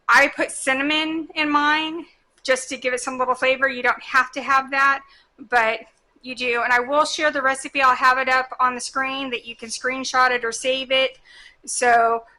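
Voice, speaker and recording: A woman's voice: high voice, bright, forceful tone. A woman in her forties hosting a home cooking vlog, chatting in a bubbly, rambling way and correcting herself as she goes.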